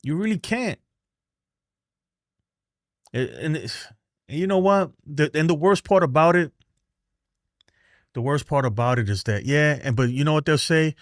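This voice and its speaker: A man's voice: on the high side, animated, normal speed, dry recording, studio quality. A man hosting a baseball fan show, ranting heatedly on a livestream and reading chat messages, exasperated, profane, and often repeating himself.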